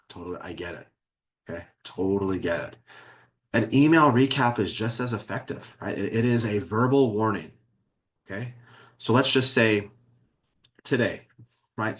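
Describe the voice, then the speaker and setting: A man's voice: on the low side, fairly bright tone. A man presenting a workplace webinar as an HR consultant, talking conversationally and often checking in with "okay?". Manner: conversational, keeps asking "okay?"; frequent restarts and fillers.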